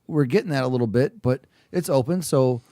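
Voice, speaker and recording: A man's voice: mid-range voice, brisk, dark tone, dry recording, studio quality. A man hosting a podcast in casual chat, blunt and opinionated, with lots of "like" fillers. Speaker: podcast host.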